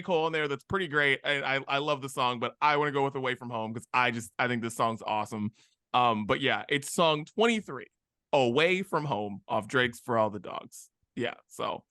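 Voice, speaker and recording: A man co-hosting a podcast in casual chat, animated and acting out quoted reactions. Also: medium pitch, moderate pace, no room sound, studio quality. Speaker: podcast co-host.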